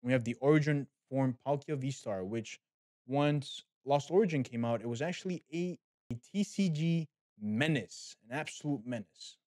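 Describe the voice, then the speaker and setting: A man's voice: medium pitch, normal speed, no echo, clean studio sound. A man hosting a card pack opening, talking casually and animatedly straight to his viewers. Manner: animated, chatty, talks to viewers as guys. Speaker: card-opening channel host.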